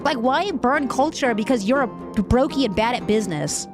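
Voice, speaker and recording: A woman with a high voice hosts a casual live stream. She reads news articles aloud and stops to vent and laugh, talking to her chat. Faint music plays underneath. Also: lively intonation, moderate pace. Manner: emotional, frequently laughing and venting. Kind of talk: live-stream news commentary, chatting with viewers.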